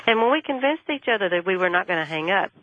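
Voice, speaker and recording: A woman guest calling in to a radio show, telling a story and acting out the dialogue with lively energy. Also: medium pitch, fast talker, no echo. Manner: animated, acts out dialogue. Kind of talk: phone-in storytelling. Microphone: telephone. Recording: tinny phone line.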